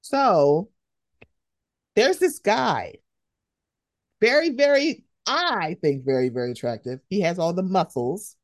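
A young woman hosting a podcast in casual chat, animated and jumping into high, excited voices as she tells stories. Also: slow pace, pauses often, dry recording, studio quality. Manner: animated, swings into high excited voices when quoting herself. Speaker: podcast host.

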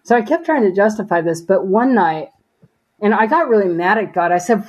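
Woman, interview guest, earnest faith testimony, mid-pitched, chatty with fillers. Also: expressive, a little fast. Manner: earnest, conversational, many fillers.

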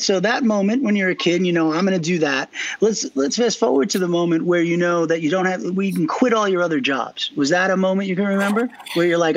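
A man hosting a casual interview, asking drawn-out, emphatic questions. His voice sits a little high for a man. The recording is dull and lo-fi, with a dry sound. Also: no room sound. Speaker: interview host.

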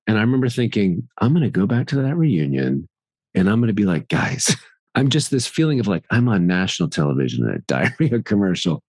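A middle-aged man speaking candidly as a guest in a podcast conversation, animated and laughing often, acting out the voices he quotes. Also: on the low side, dry recording.

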